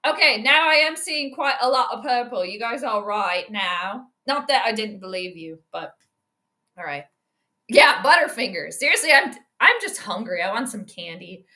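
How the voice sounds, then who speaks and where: A woman hosting a casual live stream, commentating a football game, chatty and excitable, reading chat aloud and laughing often. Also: fairly high pitch, moderate pace.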